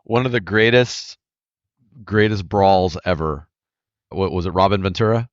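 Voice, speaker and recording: A man co-hosts a podcast and cuts in with short, enthusiastic remarks. His very deep voice comes through a dull, muffled recording with no room sound. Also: measured pace, no echo. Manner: brief, enthusiastic interjections. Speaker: podcast co-host. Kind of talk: casual podcast chat.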